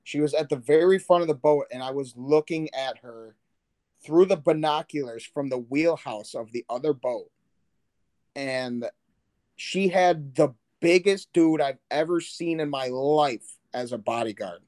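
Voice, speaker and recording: A man's voice: fairly high pitch, measured pace, darkish tone, no echo. A man co-hosting a podcast, rambling loosely about his week with casual swearing and self-corrections. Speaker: podcast co-host. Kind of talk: casual chat.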